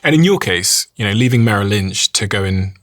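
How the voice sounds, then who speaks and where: A man's voice: lowish voice, animated, fairly quick, a bit bright. A man in his thirties hosting a podcast, musing thoughtfully and restarting his phrases. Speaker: podcast host. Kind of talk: reflective interview conversation.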